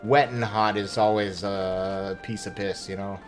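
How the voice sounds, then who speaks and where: A man's voice: lowish voice, steady tone, a little slow. A man streaming a game, chatting casually with joking, profane asides, with faint game music behind. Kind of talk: casual gameplay commentary.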